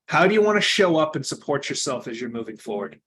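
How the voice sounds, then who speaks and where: A young adult man speaks as a coach, telling his own story with earnest conviction. His voice sits fairly high for a man, and he swings between loud, emphatic lines and soft, quiet asides. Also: very animated, fast talker, a little hiss or hum. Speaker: speaker giving a coaching talk. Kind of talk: personal storytelling talk.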